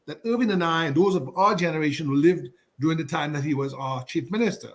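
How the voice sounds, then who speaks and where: A man, a guest on a radio talk show who reminisces in a scholarly, digressive and measured way. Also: fairly high pitch. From Dominica. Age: 60s.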